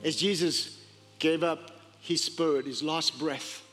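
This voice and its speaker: A man preaching a sermon, impassioned, dropping to hushed tones for scripture. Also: a little high, fairly even intonation, slow. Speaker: pastor. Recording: reverberant hall with faint music.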